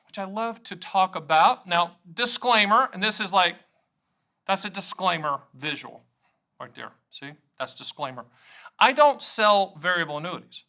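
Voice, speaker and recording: A middle-aged American man, an annuity agent and show host, delivers an energetic solo monologue to camera, playful and self-mocking as he moves between jokes and explanation. His voice is high-pitched, pushed and bright.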